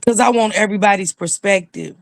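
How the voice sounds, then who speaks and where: A woman's voice: mid-range voice, fairly quick, gravelly, no room sound, clean studio sound. A woman talking as a YouTube commentator in a casual livestream chat, with emphatic, preachy storytelling.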